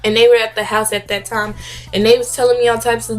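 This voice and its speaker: A young woman vlogger telling a story in a casual, slangy, animated way, acting out what people said. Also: on the high side, fairly quick, faint music behind. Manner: animated, slangy, acts out quotes. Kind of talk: storytime vlog.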